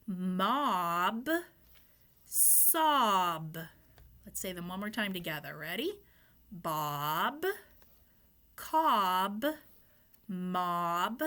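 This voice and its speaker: A woman teaches young children to read in a phonics lesson, spelling out letters one at a time and sounding out each word. Her mid-range voice is bright and forward, and she moves at a slow, unhurried pace, addressing the children with gentle questions that prompt their answers.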